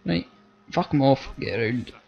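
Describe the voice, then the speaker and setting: A man's voice: mid-range voice, normal speed, gravelly. A man with a Scottish accent doing let's play commentary, blunt, sweary and joking. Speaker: gaming channel host. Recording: slightly dull audio with faint game music.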